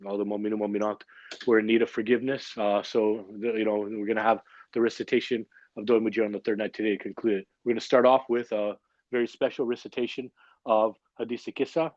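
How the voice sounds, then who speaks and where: A man's voice: fairly low pitch, flat delivery, fast, darkish tone, dry recording, lo-fi sound. A man hosting a religious gathering on a livestream, in an upbeat and informal way that includes jokes. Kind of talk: casual livestream announcing. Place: online livestream.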